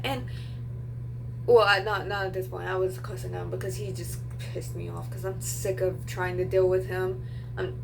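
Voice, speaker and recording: A woman's voice: medium pitch, fairly even intonation, moderate pace, creaky, background noise. A young woman vlogger telling a story in a casual, rambling rant, venting with fillers and restarts.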